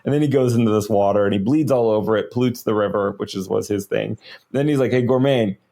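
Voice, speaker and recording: A man co-hosting a podcast, retelling a story in casual lore chat, animated and full of "like"s and fillers. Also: lowish voice, fast talker, gravelly. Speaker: podcast co-host.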